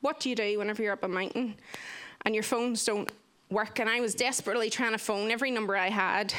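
A woman's voice: medium pitch, fast. A young woman tells a personal story vividly, acting out what people said. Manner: vivid, animated retelling with acted-out quotes. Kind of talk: personal story told to listeners.

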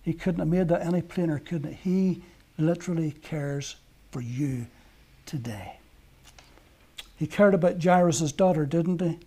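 A man preaching a sermon, telling stories earnestly and moving between emphatic peaks and hushed lines. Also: a little high, a little slow, pauses often, breathy edge.

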